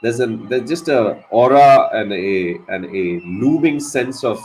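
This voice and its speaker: A man giving live ball-by-ball cricket commentary on a watch-along stream, excitable and swearing at big moments. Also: medium pitch, unhurried, hardly any pauses, low-quality recording. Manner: excitable, swears, animated reactions.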